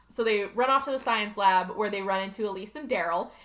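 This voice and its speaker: A woman with a mid-range, slightly bright voice speaks fairly quickly as she co-hosts a podcast. In casual chat, she animatedly recaps a movie's plot and acts out the characters' lines.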